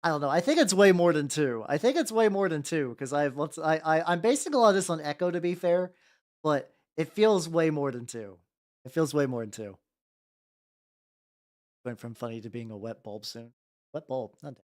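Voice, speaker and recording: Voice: mid-range voice, lively intonation, moderate pace, darkish tone. Rambling streamer greeting chat. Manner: rambling, greets chat by name, swears casually. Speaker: VTuber streamer painting miniatures. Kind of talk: casual livestream chat.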